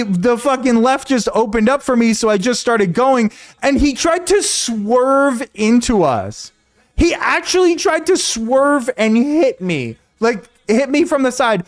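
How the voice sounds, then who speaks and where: High-voiced man telling a story, animated. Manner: animated, profane, repeats himself. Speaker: streamer. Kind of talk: casual storytelling to stream chat.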